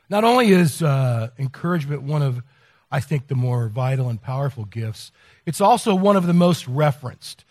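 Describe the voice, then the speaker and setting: A man's voice: medium pitch, animated, moderate pace, a little mellow. A middle-aged man preaching a sermon as pastor, telling a story with many restarts and repeated words. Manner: rambling, self-interrupting storyteller.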